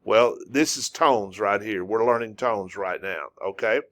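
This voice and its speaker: A man gives a relaxed spoken lesson in a middle-pitched voice, slowly drawing out and repeating single syllables. He pauses often with "uh" while he finds his words. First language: English. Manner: repetitive, drawn-out demonstrations of syllables with frequent fillers. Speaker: language teacher.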